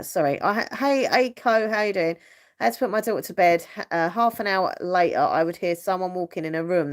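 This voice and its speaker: Chatty woman with a lowish voice. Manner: chatty, rambling, laughs often. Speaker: channel host. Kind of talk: casual live stream chat. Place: upstairs bedroom at home.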